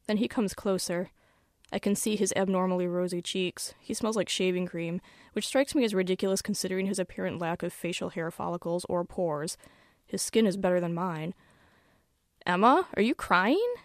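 A woman reads her own first-person fiction with wry, measured timing and a slightly low voice. The sound is dry and close, with no room around it. Her delivery stays steady and deliberate. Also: dry recording. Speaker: author.

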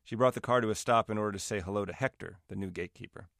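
A man, the author, giving a wry, measured reading of his own fiction. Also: on the low side, vocal fry, fairly bright tone, no room sound, clean studio sound. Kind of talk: literary reading.

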